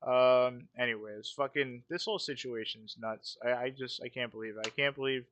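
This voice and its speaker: A man's voice: mid-range voice, normal speed, a bit bright. A man hosting a casual livestream, talking bluntly with lots of swearing and repeated phrases. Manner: blunt, profane, repeats himself. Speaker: livestream host.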